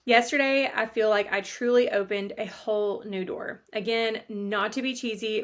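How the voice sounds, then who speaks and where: A woman's voice: a little high, a bit bright. A woman hosting her own podcast, speaking in an earnest, heartfelt way as she reflects aloud, partly reading from her notes. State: pregnant, near due date. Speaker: podcast host. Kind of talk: reflective solo podcast monologue.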